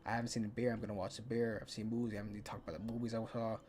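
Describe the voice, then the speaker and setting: A man's voice: lowish voice, flat delivery, rapid-fire, darkish tone, slight background noise. Rambling young man hosting a podcast. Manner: rambling, profane, counts aloud to himself. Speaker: podcast host. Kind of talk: casual solo podcast chat.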